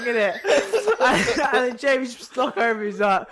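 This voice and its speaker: High, excitable lad. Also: male voice, unhurried, a crowd in the background. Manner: excitable, laughing storyteller. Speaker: podcast co-host. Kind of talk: casual chat.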